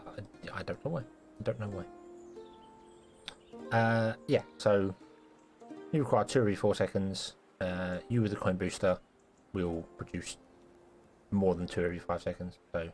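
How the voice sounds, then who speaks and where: A man's voice: mid-range voice, moderate pace, long pauses, a little mellow, soft background music. A man giving casual, self-mocking commentary while live-streaming a building game, playfully scolding the characters in it.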